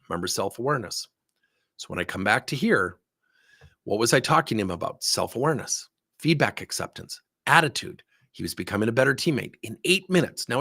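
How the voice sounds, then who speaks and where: A man's voice: fairly low pitch, breathy edge. A man giving a leadership talk, telling a story and acting out both sides of a conversation. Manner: animated storyteller acting out dialogue. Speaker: leadership speaker.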